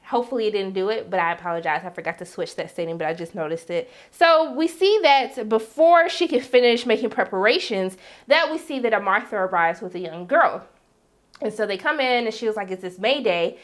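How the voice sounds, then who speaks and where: Brief: energetic woman reviewer, casual and slangy, acts out the scenes she retells. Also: mid-range voice, a little fast. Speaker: TV show reviewer. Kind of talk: casual episode recap.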